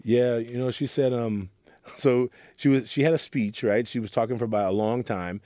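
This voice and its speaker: A man's voice: medium pitch, steady tone, normal speed, dark tone, no echo. A man from Oakland, telling his story as an interview guest in an earnest, reflective way and sometimes acting out the voices he quotes. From Oakland, California. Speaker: guest, youth mentor.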